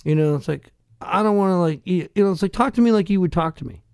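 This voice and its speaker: A middle-aged man with a Boston accent rants in a raised, gravelly voice, cursing freely as his thoughts run on. The recording is dry and close, with no room sound around him. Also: sits high, fast, darkish tone, no room sound. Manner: profane, heated, rambling rants. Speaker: podcast guest, hardcore musician. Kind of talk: ranting casual chat.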